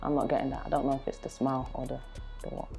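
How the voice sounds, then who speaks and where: A young woman, a podcast guest telling her stories in casual, animated chat. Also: rumbling low, rapid-fire, gravelly, breathy edge, faint music behind. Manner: animated storyteller, acts out voices in quotes. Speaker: guest, spoken word artist.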